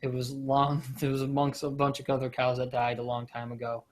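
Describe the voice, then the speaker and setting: A man co-hosting a casual talk show, rambling and joking, his voice often trailing off quietly. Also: mid-range voice, completely flat delivery, brisk, a little hiss or hum. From United States. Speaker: podcast co-host. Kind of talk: casual chat.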